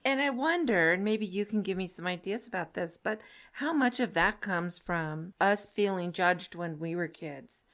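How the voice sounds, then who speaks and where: A woman talks in a relaxed podcast conversation, drawing on her years as a kindergarten teacher. She tells stories vividly and slips into the voices of the children and parents she describes. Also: fairly low pitch, normal speed, hardly any pauses. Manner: animated storyteller who acts out quoted children and parents.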